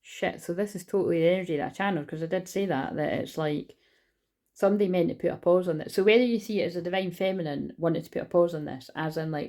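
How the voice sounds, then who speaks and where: A young woman talks through a tarot reading in a loose, rambling way, cursing casually as she goes. Her voice sits low and has a gravelly, fried edge. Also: fast, dark tone. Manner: rambling, chatty, swears freely. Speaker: tarot reader.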